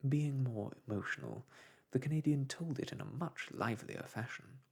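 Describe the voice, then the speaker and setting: A man reading a classic novel aloud in a soft, hushed ASMR storytelling style. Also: mid-range voice, animated, moderate pace. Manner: hushed, breathy and gentle.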